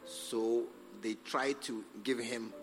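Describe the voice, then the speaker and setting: A man preaching a sermon as pastor, acting out scenes with sudden shouts. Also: mid-range voice, slow pace. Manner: animated, acts out scenes, shouts for effect. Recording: long hall reverb with faint music.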